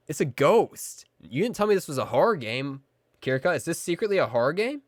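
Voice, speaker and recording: A man livestreaming a video game, commenting casually and excitedly, joking and talking to his chat. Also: a little high, brisk, no echo, studio quality. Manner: excitable, jokey, talks to chat. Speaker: game streamer. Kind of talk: casual live gameplay commentary.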